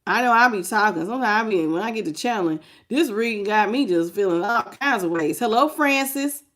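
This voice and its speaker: A woman giving a live-streamed tarot reading and greeting her viewers, emphatic and preachy, swinging between low murmurs and loud outbursts. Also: expressive, a little fast. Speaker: tarot reader.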